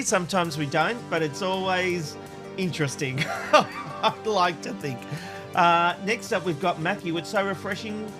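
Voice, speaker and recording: An Australian man with a high-pitched voice hosts a casual panel chat. He reads viewer feedback in a playful way, often laughing and restarting lines. Music plays clearly behind him. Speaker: co-host reading viewer feedback.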